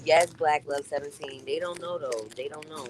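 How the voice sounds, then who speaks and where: A woman's voice: low voice, normal speed. Chatty woman livestreaming from a bus. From New York. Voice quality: muffled by a face mask. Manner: chatty, reads out viewer comments, slangy. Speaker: live streamer. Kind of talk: casual live-stream chat. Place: on a city bus. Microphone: phone. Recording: noisy phone recording on a moving bus.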